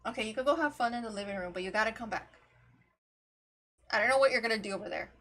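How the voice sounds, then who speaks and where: Chatty woman streamer, slightly high voice. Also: fast, a bit bright. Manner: chatty, rambling, laughs often, talks to her cat. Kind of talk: casual live-stream chat, reacting to videos.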